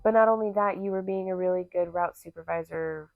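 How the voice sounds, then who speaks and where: A woman's voice: lowish voice, steady tone, fairly quick, gravelly, no echo. A woman co-hosting a casual couples podcast, blunt and teasing, acting out quotes as she tells stories. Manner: teasing, blunt, acts out voices in her stories. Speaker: podcast co-host. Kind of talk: casual chat. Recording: tinny phone-like sound.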